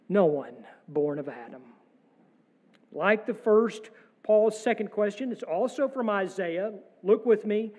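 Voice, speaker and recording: High-voiced male pastor, slow and reverberant. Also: animated, darkish tone, breathy edge. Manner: measured, rhetorical questioning with wry asides. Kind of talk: sermon. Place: church sanctuary. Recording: long church reverb.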